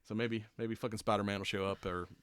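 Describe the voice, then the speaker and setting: A man's voice: lowish voice, steady tone, fast, smooth, dry recording. A man hosting a podcast, chatting casually through a TV episode recap, swearing freely, laughing often and acting out the characters' lines. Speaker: podcast host.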